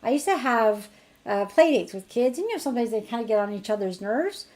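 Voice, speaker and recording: A middle-aged woman teaching an energy healing technique in a chatty online class, her voice rising brightly when she acts out what she tells others. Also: on the high side, sing-song, fairly quick. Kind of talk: casual online teaching demonstration.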